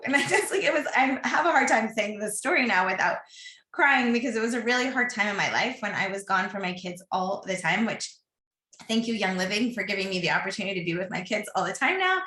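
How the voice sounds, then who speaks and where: A woman's voice: mid-range voice, animated, fast talker, bright, forceful tone. A woman in her thirties co-hosting a podcast. She tells a personal story in a chatty, rambling way, with many fillers and restarts. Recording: echoey room.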